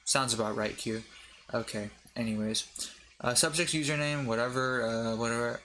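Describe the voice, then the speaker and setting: Bright-voiced joking male streamer. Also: medium pitch, normal speed, a little hiss or hum. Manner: joking, stumbling reads, breaks off to laugh and chat. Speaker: VTuber streamer. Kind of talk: reading articles aloud on stream.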